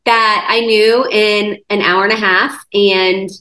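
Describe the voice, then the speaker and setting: A woman, a guest on a faith podcast, telling a personal testimony in a lively conversational way, with many "like" fillers. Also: mid-range voice, slow. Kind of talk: conversational storytelling. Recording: roomy echo.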